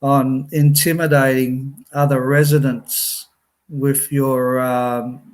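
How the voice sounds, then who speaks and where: A man telling his own life story in a halting way, full of restarts and repeated words, laughing wryly at his memories. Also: mid-range voice, flat delivery. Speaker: person recounting his time in a residential program. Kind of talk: personal storytelling.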